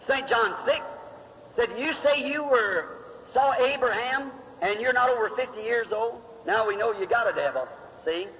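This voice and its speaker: A man's voice: very high voice, pushed and bright. A male preacher telling a Bible story in a folksy way, with homespun grammar and questions to the crowd, on a muffled recording in a reverberant hall. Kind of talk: storytelling sermon.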